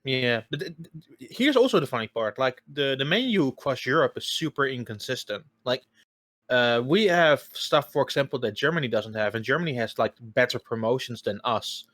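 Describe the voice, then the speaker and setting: A man from the Netherlands chatting casually on a podcast, animated and quick to laugh. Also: medium pitch, no room sound. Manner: animated storyteller, laughs often. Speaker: podcast guest. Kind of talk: casual chat.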